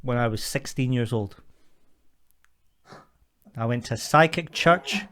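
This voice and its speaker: A man's voice: mid-range voice, a little slow, heavy background noise. A Scottish man co-hosting a podcast, telling a story in casual chat and often laughing through it. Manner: lively storyteller, laughs through his own tales. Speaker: podcast co-host.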